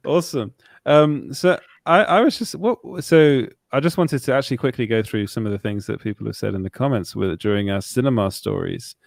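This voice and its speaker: A man's voice: medium pitch, animated, fairly quick, creaky, few pauses, no echo, studio quality. A man with a British accent co-hosting a live show, chatting casually and rambling with frequent laughs. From England. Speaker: co-host.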